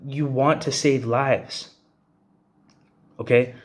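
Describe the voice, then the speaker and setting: Young man, from Canada, angry rant, blunt, profane, medium-pitched voice. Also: fairly even intonation, slow. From Hamilton, Ontario, Canada. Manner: profane, blunt, keeps saying "bro" and "you know what I'm saying". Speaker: vlogger. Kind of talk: angry personal rant to camera.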